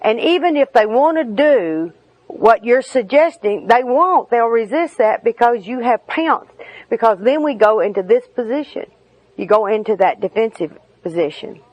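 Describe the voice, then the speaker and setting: A woman's voice: on the high side, lively intonation, moderate pace, darkish tone, no echo, poor audio. A middle-aged woman giving a candid, humorous personal talk at a recovery meeting.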